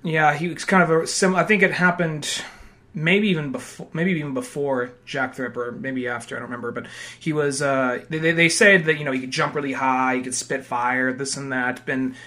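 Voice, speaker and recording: A man's voice: medium pitch, fairly even intonation, a little fast, bright, forceful tone. A man co-hosting a podcast in casual chat, rambling and trailing off mid-thought. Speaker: podcast co-host.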